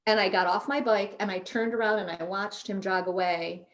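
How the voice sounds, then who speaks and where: A middle-aged woman telling a personal story in a casual chat, animated and quoting herself and others as she goes. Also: mid-range voice, moderate pace. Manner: animated, quotes herself in lively voices. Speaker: podcast guest.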